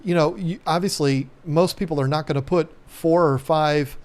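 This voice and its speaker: A man with a drawl chats easily on a live stream, his voice sitting a bit high. He rambles along in a folksy way, dropping lots of ums and uhs as he talks. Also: steady tone, moderate pace, a little mellow, smooth. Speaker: aquarium channel host. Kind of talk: casual live-stream chat.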